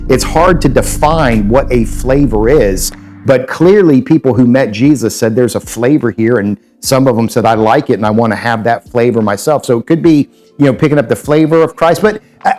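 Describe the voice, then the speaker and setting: A man's voice: mid-range voice, a little mellow. A male pastor with an Ohio accent, reflecting on a sermon in an easygoing, conversational way, often restarting and repeating words.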